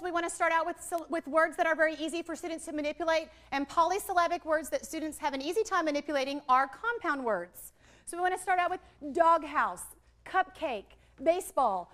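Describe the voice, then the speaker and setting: A woman's voice: high voice, a bit bright. A woman trainer presenting a teacher workshop in a training room, explaining teaching methods and leading the audience in call-and-response drills. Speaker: literacy trainer.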